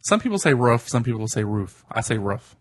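A man co-hosting a podcast in casual chat, gossipy and quick to laugh. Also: mid-range voice, sing-song, breathy edge. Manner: chatty, gossipy, laughs often. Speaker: podcast co-host.

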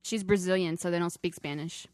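A woman's voice: on the low side, steady tone, brisk, a little mellow, no room sound. A woman co-hosting a casual podcast, playful and teasing, who giggles often. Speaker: podcast co-host. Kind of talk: casual chat.

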